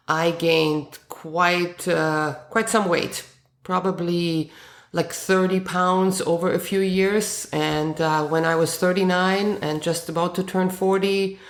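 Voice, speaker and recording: German lady in her 40s, lowish voice, lots of ums, sounds like an echoey room. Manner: relaxed, frequent ums and uhs. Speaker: guest runner. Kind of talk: interview answers.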